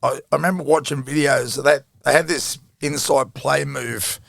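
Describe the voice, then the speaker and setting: A man's voice: medium pitch, fairly even intonation, normal speed, vocal fry, fairly bright tone, no room sound. A middle-aged Australian man telling stories in a casual interview, swearing freely and laughing as he goes. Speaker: guest, former rugby league player.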